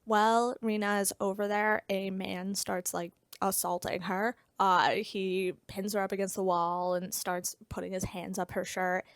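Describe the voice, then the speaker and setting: A woman's voice: mid-range voice, flat delivery, unhurried, few pauses, dry recording. Young woman, casual book recap, blunt and profane, dry close sound. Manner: blunt, profane, sarcastic asides. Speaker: book reviewer.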